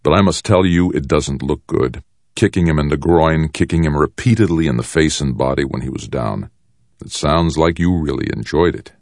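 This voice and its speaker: A man voicing a calm, stern military colonel who speaks in a measured, controlled way. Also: extremely low pitch, dry recording, studio quality. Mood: cool, stern.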